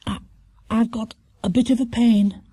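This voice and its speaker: A man's voice: extremely high pitch, steady tone, a little slow, warm tone, slightly rough, dry recording, voice pushed up, full character voice. A man voicing a polite, anxious young bear who speaks hesitantly and apologetically. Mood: sheepish.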